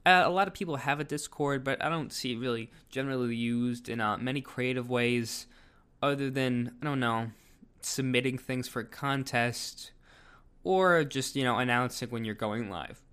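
A man's voice: mid-range voice, normal speed, fairly bright tone, clean tone. A man giving casual video commentary, rambling with lots of fillers. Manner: rambling, filler-heavy delivery.

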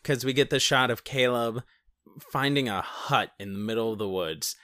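A man co-hosts a loose, profane film chat with a bright, forward voice. He laughs easily and slips into acted-out quotes. The sound is dry and close, with no room around it. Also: medium pitch, moderate pace, no room sound. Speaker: podcast co-host. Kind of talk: casual film discussion chat.

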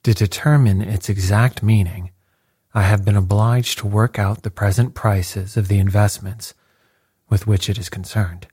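A man voicing a calm, blandly ironic detective who speaks quietly, with a husky voice. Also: on the low side, unhurried, dry recording, clean studio sound. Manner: quiet and unruffled.

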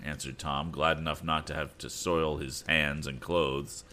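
A man hosting a storytelling show, reading a classic novel aloud in a relaxed way with chatty asides. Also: rumbling low, unhurried. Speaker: storytelling host.

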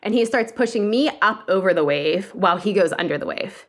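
A woman's voice: mid-range voice, a little fast. A young adult woman from Pennsylvania, calling in to tell a personal story in a casual, vivid way. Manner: vivid, lively retelling with quoted inner thoughts. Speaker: caller telling a story.

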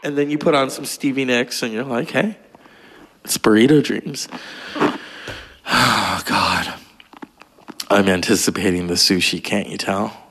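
A man's voice: fairly low pitch, fairly even intonation, unhurried, pauses often, pushed and bright, husky. A man talking in a rambling, gossipy monologue, full of profanity and digressions. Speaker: vlogger.

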